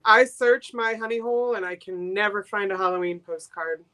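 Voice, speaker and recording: Her medium-pitched voice has a fairly bright tone. She's from Boston, USA, and chats casually and eagerly as a live-stream sale's guest seller, giggling quickly now and then.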